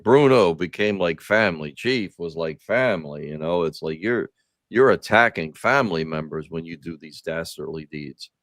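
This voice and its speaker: Male podcast host, low and animated, dry close sound, profane nostalgic rambler. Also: no echo. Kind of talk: casual chat.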